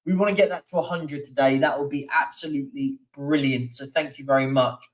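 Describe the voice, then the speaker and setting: A man's voice: medium pitch, steady tone, fairly quick, distant mic. A man hosting a casual live stream, rambling through football stats and viewer comments with lots of fillers. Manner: rambling, chatty, reads out stats with many fillers. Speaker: livestream host.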